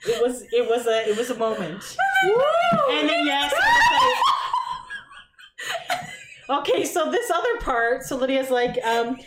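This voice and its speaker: A woman's voice: a little high, a little fast, hardly any pauses. A woman co-hosting a podcast, chatting casually and laughing often as she tells stories. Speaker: podcast co-host. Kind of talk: casual chat, storytelling. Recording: roomy with loud background noise.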